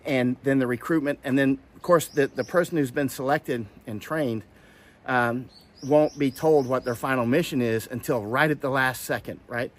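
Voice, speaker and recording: A man's voice: mid-range voice, normal speed. A man from Florida giving casual commentary, rambling with many restarts and fillers. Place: outdoors, in hot weather.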